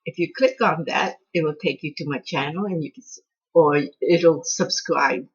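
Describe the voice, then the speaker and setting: Her husky voice sits low and moves at a moderate pace as she hosts her own home cooking channel. She wanders through a recipe with chatty, self-deprecating remarks, captured in lo-fi sound.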